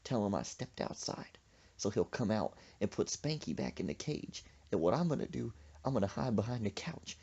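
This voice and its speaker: Guy putting on a squeaky fired-up old grandma, big swoops up and down, husky and kinda muffled. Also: sing-song, moderate pace, dark tone, exaggerated voice. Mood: scheming. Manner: shrill high wails and scolding dialect. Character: fiery, feisty old grandmother.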